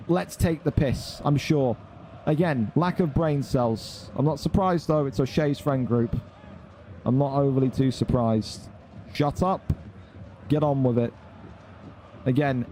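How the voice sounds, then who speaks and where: A man's voice: a little high, a little mellow, slight background noise. An irritated young man, swearing and scolding his chat during an esports tournament stream. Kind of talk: angry ranting at chat on stream.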